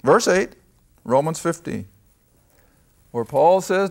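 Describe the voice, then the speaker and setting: A man's voice: a little high, expressive, slow, creaky, pauses often. An older man teaching a folksy Bible lesson, emphatic, asking questions and answering them himself. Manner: emphatic, asks and answers his own questions.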